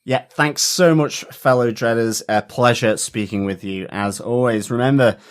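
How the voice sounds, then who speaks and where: A man co-hosting a TV podcast in casual chat, relaxed and often pausing on fillers. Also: mid-range voice, clean tone. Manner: relaxed, with frequent filler pauses. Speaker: podcast co-host.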